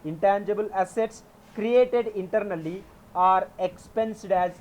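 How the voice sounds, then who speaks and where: High-voiced man teaching accounting. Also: a little slow. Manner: explanatory, repeats points, frequent self-corrections. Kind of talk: classroom lecture.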